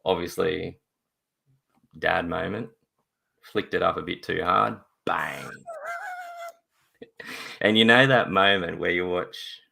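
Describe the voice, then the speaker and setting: A man's voice: huge pitch swings, takes it slowly, long pauses, bright, forceful tone, a little hiss or hum. A man, a father, telling a story in a live video-call interview, laughing often and acting out voices. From Australia. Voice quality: deep gravelly voice. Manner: laughs often, acts out voices in his stories.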